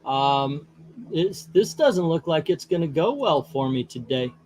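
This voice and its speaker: A man's voice: on the high side, animated, measured pace, a little mellow, slight background noise. Folksy rambling man reading comics. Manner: rambling, folksy, grumbles at the screen. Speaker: comic book channel host. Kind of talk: casual comic book reading.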